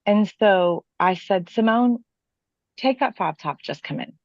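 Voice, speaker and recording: Animated storytelling woman, dry lo-fi sound. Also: medium pitch, unhurried, gravelly, dry recording. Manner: animated storyteller who swears casually. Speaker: podcast co-host telling a work story. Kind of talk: casual chat, storytelling.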